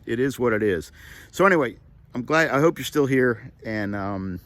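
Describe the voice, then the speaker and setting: An older man, a comedian, talking to camera in a halting, heartfelt way with many pauses and fillers. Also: medium pitch, expressive, fairly bright tone, dry recording. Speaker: comedian vlogger. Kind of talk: reflective personal talk to camera.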